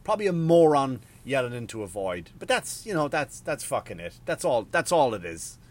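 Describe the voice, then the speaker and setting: A man's voice: medium pitch, moderate pace. Profane ranting man, rambling. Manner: profane, rambling, animated rant. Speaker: podcast host. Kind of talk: casual ranting monologue.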